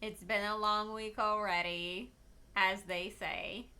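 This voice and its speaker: A woman's voice: medium pitch, fairly even intonation, slow, sharp tone. A young woman chatting casually to viewers on a live stream, tired and rambling, with bursts of bubbly squealed greetings.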